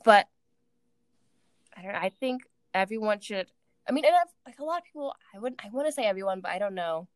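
A woman's voice: medium pitch, lively intonation, fairly quick, dry recording. Hesitant woman chatting on a podcast, dry sound. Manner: rambling, hesitant, many fillers. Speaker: podcast co-host. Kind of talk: casual chat.

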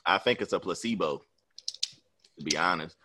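A man co-hosting a podcast, animated and emphatic, swearing freely in casual chat. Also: sits low, normal speed. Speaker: podcast co-host.

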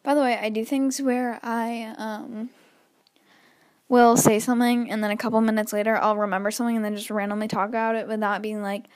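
This teenage solo podcaster talks a little fast in a high, darkish voice that barely shifts in pitch, recorded at studio quality with no echo. She's nervous and rambling, self-deprecating, and breathes heavily between thoughts.

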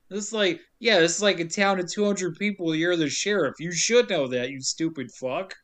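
High-voiced man recapping a film. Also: normal speed, few pauses, fairly bright tone. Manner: joking, profane, sarcastic. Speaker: podcast host recapping a film. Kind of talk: casual chat.

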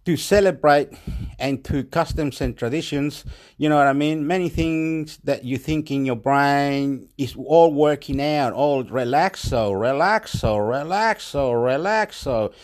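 A man from Chile, talking in a rambling, profane monologue in broken English that jumps between loud and soft. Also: fairly high pitch, measured pace. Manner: excitable, repetitive, swings loud and soft.

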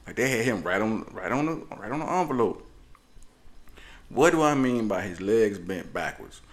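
A man's voice: lowish voice, big pitch swings, moderate pace. A man telling a comic story on a podcast as co-host, rambling and laughing often.

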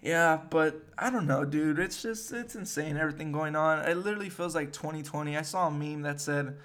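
A man's voice: fairly high pitch, brisk, fairly bright tone. A young man hosting a podcast, rambling in casual, slangy chat full of swearing. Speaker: podcast host.

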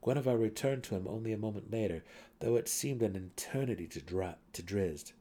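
A man reads a fantasy novel in a dramatic manner, with a low, husky voice. His delivery swells louder for tense moments and drops to hushed tones. The reading is steady and immersive. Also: a little fast. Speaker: audiobook narrator.

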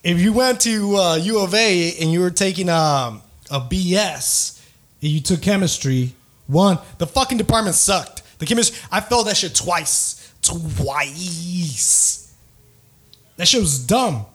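A young man hosts a casual podcast, rambling through stories full of swearing and street slang. His voice sits fairly high for a man, and he laughs often as he goes. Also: a bit bright. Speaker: podcast host. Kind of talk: casual storytelling chat.

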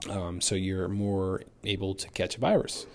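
A man's voice: deep voice, fairly even intonation, moderate pace. A man hosting a solo fitness podcast, talking candidly and motivationally in a loose, casual way with the odd swear word, while he recovers from being sick. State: recovering from illness. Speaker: fitness coach and podcast host.

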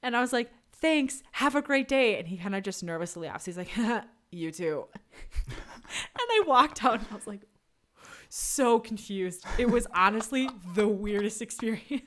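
A woman's voice: medium pitch, expressive, moderate pace, a bit bright. Brief: woman co-host, chatty storyteller, acts out quotes, laughs a lot. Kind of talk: casual storytelling chat.

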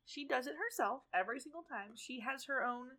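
A woman's voice: sits high, animated, brisk, sharp tone. A woman co-hosting a podcast in casual chat, emphatic and profane, jumping in on her co-host. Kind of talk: casual chat recapping a TV episode.

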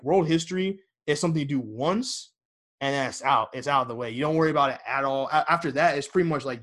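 A young man hosting a casual podcast, talking in a rambling way with many fillers and restarts. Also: fairly high pitch. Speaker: podcast host.

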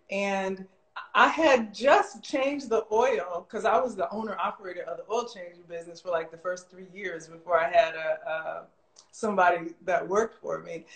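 A middle-aged woman telling a long personal story in casual chat, animated and full of "like" fillers, jumping high in pitch when she quotes people. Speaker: guest telling her story. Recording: roomy echo.

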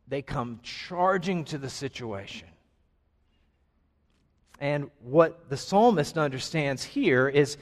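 A man preaching a sermon to his congregation, earnest, with dramatic pauses and rising emphasis. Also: medium pitch. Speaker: pastor. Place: church sanctuary. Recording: long hall reverb.

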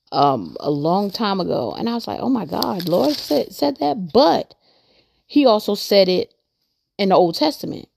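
A woman with a low, gravelly voice gives a loose, personal talk about her faith. She rambles earnestly and circles back to repeat her points so they land. Her voice carries a steady crackle of vocal fry. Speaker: podcast host. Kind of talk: casual faith monologue.

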